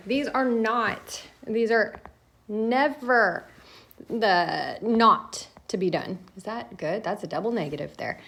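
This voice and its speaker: A woman hosting a casual solo coffee talk on education, chatty and emphatic, laughing between points. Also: on the high side.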